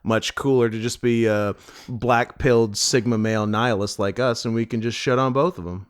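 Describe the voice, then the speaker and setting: A man co-hosts a loose comedy podcast in a voice of middling pitch. He jokes and laughs easily, and drifts into drawn-out ums when he stalls for a punchline. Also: fairly even intonation, clear, resonant tone. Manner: joking, laughs often, trails off with ums. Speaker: podcast co-host. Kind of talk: casual comedy podcast banter.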